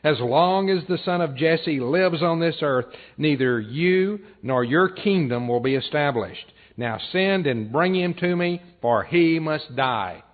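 A man's voice: a little high, animated, measured pace, hardly any pauses, pitched above the performer's own voice. A man preaching who reads a furious older king's rebuke to his son in a raised, scolding voice. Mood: angry. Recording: tinny phone-like sound.

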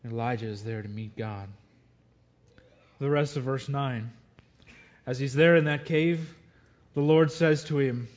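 Guy preaching a sermon, earnest, reads scripture out loud, kinda muffled lo-fi audio. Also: medium pitch, measured pace, long pauses.

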